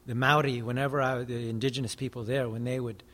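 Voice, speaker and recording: A man's voice: mid-range voice, flat delivery, fast, fairly bright tone. An American man who talks earnestly in casual conversation, preaching with frequent swearing. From United States. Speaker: guest.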